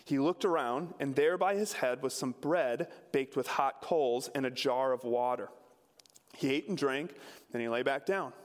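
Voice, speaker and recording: A pastor giving a sermon, retelling a scripture story in a conversational way with touches of humor. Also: male voice, medium pitch, normal speed, in a large hall.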